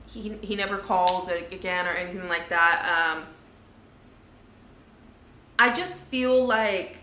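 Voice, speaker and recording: A woman's voice: medium pitch, sharp tone, echoey room. A young woman vlogger telling a storytime vlog in an indignant, conversational way, with many fillers.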